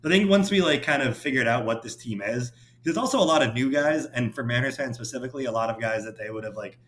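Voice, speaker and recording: A man's voice: mid-range voice, fast. Casting laid-back male podcast guest, rambling chatter, faint hum behind. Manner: relaxed, rambling, heavy use of "like". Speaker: podcast guest, baseball writer. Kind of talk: casual podcast chat.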